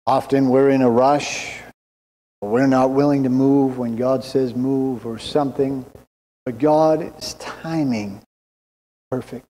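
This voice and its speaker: A man preaching a sermon as pastor, speaking deliberately and quoting scripture. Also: mid-range voice, dark tone. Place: church sanctuary. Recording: long reverb in a church hall.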